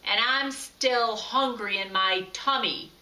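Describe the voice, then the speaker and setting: A woman voicing a big hungry male bear with a growly, booming voice in a read-aloud storybook, recorded from a distance in an echoey room. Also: takes it slowly, pushed and bright, exaggerated voice. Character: big hungry male bear, blustery then easily frightened. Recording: echoey room, far from mic.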